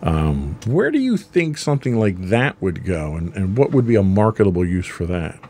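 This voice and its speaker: Low-voiced man explaining casually. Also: very animated, moderate pace, dark tone, a little hiss or hum. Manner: explains with everyday examples, frequent ums. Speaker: podcast co-host.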